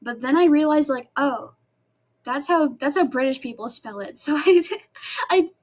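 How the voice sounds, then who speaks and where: A woman's voice: high voice, lively intonation, moderate pace. A woman whose first language is Spanish, chatting casually and rambling a little while she paints her nails. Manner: chatty, rambling, reads chat aloud. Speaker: streamer.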